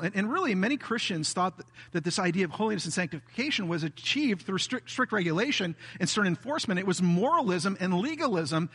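A man preaching a sermon as a pastor, earnest and steady, now and then acting out a self-righteous voice. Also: high-pitched, husky. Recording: reverberant hall.

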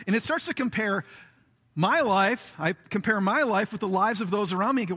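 A man preaching a sermon as a pastor, earnest and steady, now and then acting out a self-righteous voice. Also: sits high, fairly quick, breathy edge. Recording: reverberant hall.

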